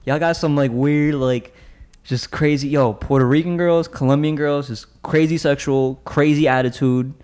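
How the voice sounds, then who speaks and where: A man's voice: fairly high pitch, steady tone, normal speed, a little mellow, clean tone. A man in a casual chat with friends, teasing and arguing, cursing a lot. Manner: teasing, argumentative, profane.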